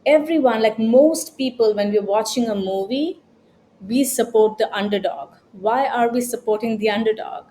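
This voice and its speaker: A woman's voice: a little high, normal speed, dark tone, slight background noise. A woman self-help coach giving an emphatic, scolding motivational talk, repeating her points. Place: New York.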